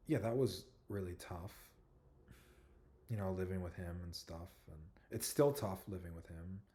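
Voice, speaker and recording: A young man telling his life story to his viewers in a halting, rambling way, full of "like" and "you know", soft-spoken and self-conscious. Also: sits low. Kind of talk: casual personal storytelling to camera.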